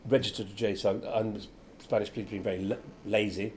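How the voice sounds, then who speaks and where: An older actor chatting as an interview guest, a lively storyteller who acts out quotes. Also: male voice, fairly low pitch, fast talker, slight background noise. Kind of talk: casual interview chat. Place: venue with background chatter.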